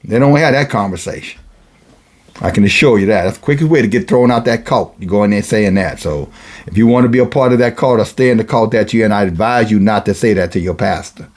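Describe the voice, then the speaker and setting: A man's voice: lowish voice, quick pace. A man preaching a sermon, reading and explaining scripture with emphatic, sarcastic asides.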